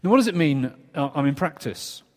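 A man preaching a sermon in a conversational, earnest way, with quick asides and restarts. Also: on the high side, lively intonation, a little mellow. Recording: long reverb of a church hall.

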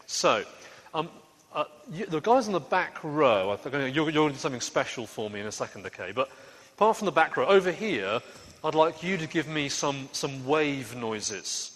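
A man leading a lively, interactive Bible story for a congregation, coaxing the crowd into sound effects. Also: on the high side, fairly quick. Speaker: preacher leading a children's talk. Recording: echoey hall with faint ambience.

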